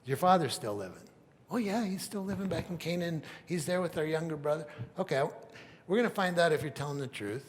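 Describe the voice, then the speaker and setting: A man's voice: fairly high pitch, expressive, fairly quick, in a large hall, pitched above the performer's own voice, close to an everyday voice. A man voicing Joseph, a grown brother in power, speaking in plain modern phrasing. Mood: stern.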